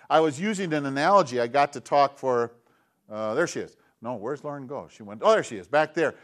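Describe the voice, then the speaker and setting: A man's voice: medium pitch, animated, brisk. A man preaching a sermon in an earnest, conversational way, moving between teaching and everyday stories.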